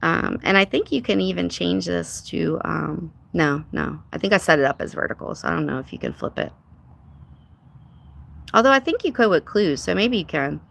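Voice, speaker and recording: A woman's voice: on the low side, expressive, moderate pace, vocal fry, fairly bright tone. A woman hosting a casual live stream, chatting sarcastically, laughing often and greeting viewers by name. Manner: sarcastic, says dude and y'all. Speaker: livestream host.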